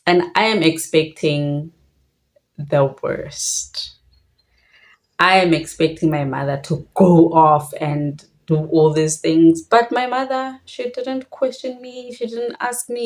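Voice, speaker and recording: A woman's voice: deep voice, little pitch movement, slow pace. A young woman with a South African Xhosa accent telling a personal story in a reflective way, switching between languages mid-sentence.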